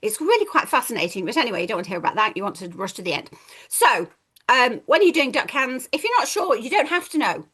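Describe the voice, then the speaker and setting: Lively, chatty woman teacher. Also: fairly high pitch, fast talker, breathy edge. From England. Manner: chatty, playful, acts out children's voices. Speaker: reading teacher and trainer. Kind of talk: teacher training talk.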